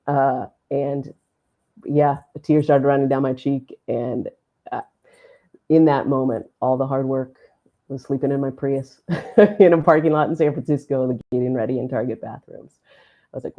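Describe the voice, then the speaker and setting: A woman sports announcer telling a story in a podcast interview, animated and laughing often as she acts out what people said. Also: extremely low pitch, moderate pace, narrow, tinny audio. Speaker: sports play-by-play announcer, guest.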